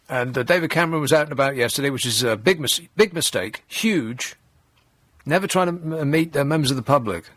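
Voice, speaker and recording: A man's voice: mid-range voice, fairly bright tone, no room sound. Guy on talk radio, sneering sarcastic monologue, dry close studio mic. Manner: mocking, sarcastic, chuckles at his own jokes. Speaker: radio talk show host.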